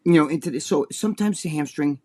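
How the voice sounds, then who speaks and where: Profane, rambling man, slightly high voice. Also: quick pace, warm tone. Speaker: co-host. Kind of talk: casual chat.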